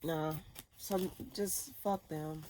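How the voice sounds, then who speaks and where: A woman's voice: low voice, fairly even intonation, drawn-out words, mellow, slight background noise. A woman doing a casual tarot reading, blunt and profane, given to ranting. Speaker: tarot reader.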